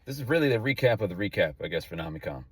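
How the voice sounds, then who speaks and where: A man hosting a comedy web show, teasing and fast, pitching his own services between comic bits. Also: expressive, a bit bright, breathy edge, no room sound. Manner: fast, jokey, teasing, self-promoting. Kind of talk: comedic host banter and mock ads.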